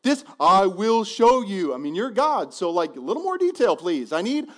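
Man doing a whiny adult man, anxious, squeaky high voice, rapid pleading questions. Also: very animated. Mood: nervous.

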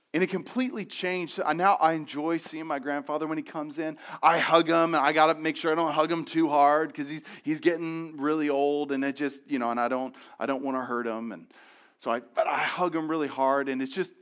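A young man preaching a sermon, telling stories and acting out the voices of the people in them with sudden jumps up and down. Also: on the high side. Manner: animated storytelling, acting out quotes in raised voices. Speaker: pastor.

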